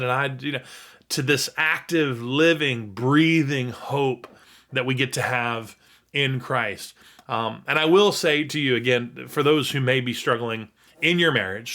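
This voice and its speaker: Earnest bright-voiced male host. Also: medium pitch. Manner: earnest, heartfelt, rambling. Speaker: host reacting to a video. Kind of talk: faith reaction commentary.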